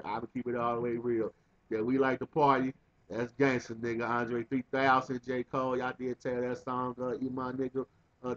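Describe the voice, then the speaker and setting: A man's voice: medium pitch, lo-fi sound. A young man telling a rambling, profane, funny story in a casual way, laughing often. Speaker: vlogger.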